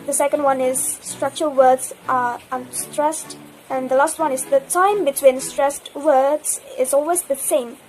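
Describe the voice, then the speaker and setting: A woman's voice: high voice, darkish tone, low-quality recording. A young woman from Indonesia with an Indonesian accent, reading a class presentation carefully and restarting words mid-phrase. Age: young adult. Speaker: student presenter.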